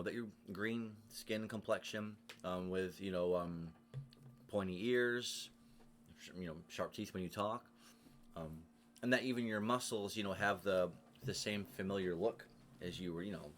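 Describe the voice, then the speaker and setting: Low-voiced man running a tabletop game. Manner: rambling, full of fillers and restarts. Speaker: game master.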